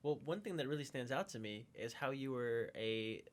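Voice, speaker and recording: A man's voice: mid-range voice, expressive, moderate pace. A man hosting a casual podcast interview, easygoing, laughing along and asking questions. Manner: easygoing, laughing along, short back-channel replies. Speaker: podcast host.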